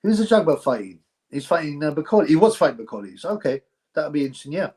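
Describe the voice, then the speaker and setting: A man's voice: on the high side, sing-song, very fast, dark tone. Blunt man hosting a live boxing chat. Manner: rambling, blunt, slangy, with frequent restarts. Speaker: host of a live boxing show. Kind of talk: casual live-stream chat reading viewer comments.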